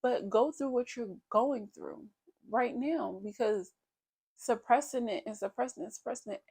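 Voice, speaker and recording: Woman in her thirties, vlogger, casual confessional talk, blunt and candid, some vocal fry. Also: mid-range voice, mellow. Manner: candid, blunt, talks straight to viewers.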